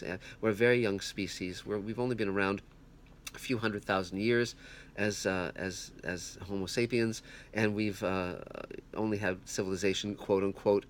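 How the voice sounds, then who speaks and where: Man host, lowish voice, earnest rambling film review, faint hiss behind. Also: fairly even intonation. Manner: halting, many restarts and fillers, earnest. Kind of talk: casual spoken film review. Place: home, puppies heard nearby. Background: puppies growling.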